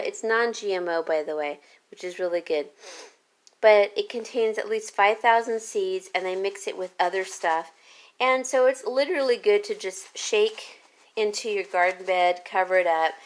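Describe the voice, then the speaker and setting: A woman vlogger chatting casually about a garden haul, rambling and correcting herself as she goes. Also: medium pitch. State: hiccups. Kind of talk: casual chat.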